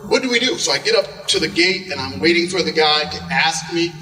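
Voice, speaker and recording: A middle-aged man from Oklahoma telling a comic story live to an audience, animated and acting out quoted lines. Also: fairly high pitch, brisk, faint music behind. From Oklahoma, USA. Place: large hall with an audience. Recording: echoey hall, far from the mic.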